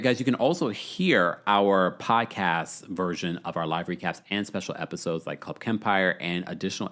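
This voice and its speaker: A man hosts a live reality TV recap stream, talking straight to his viewers. His voice sits low but swings high when he gets excited, and he keeps reading chat comments aloud between bursts of laughter. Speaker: podcast host.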